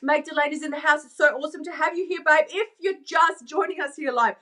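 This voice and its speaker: A woman's voice: high voice, fast talker, sharp tone, slight background noise. A woman, a coach giving a live-stream pep talk, emphatic and repeating lines to drive home her point while she chats with viewers. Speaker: weight-loss coach.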